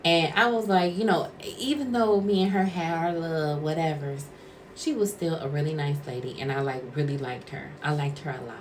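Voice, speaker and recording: Woman with a really low voice just chatting, rambly storytime, bit of faint noise behind. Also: moderate pace. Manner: rambling, conversational, acts out quotes. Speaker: former caregiver, vlogger. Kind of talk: casual storytelling vlog.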